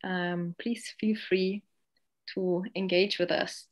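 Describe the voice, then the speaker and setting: A woman's voice: fairly low pitch, level tone, slow pace. A woman moderating an online panel discussion, polite and a little hesitant, with fillers as she poses questions.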